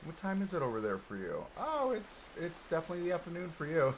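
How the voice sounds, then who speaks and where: Playing a game on a casual live stream, this man laughs often and pokes fun at himself in an easygoing way, speaking close to a desk mic in front of him at home. His voice is on the high side, a bit bright and brisk, with big pitch swings. The low-quality recording has a little hiss or hum.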